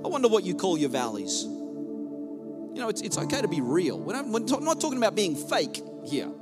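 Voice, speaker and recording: Man, pastor, sermon, high voice, wide swoops in pitch. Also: a little fast, over loud music. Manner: animated preaching that leads the congregation. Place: church hall with a congregation.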